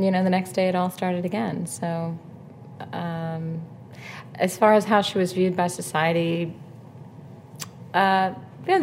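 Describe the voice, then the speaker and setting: A woman opera singer on a panel, speaking hesitantly with many pauses and fillers. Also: on the low side, darkish tone, a little hiss or hum. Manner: slow, hesitant, many ums. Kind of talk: panel interview.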